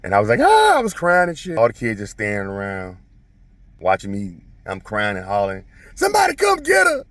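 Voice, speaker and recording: A man casually telling a childhood story to his viewers, animated, profane and self-mocking. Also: on the low side, a little fast, dry recording, recorded from a distance.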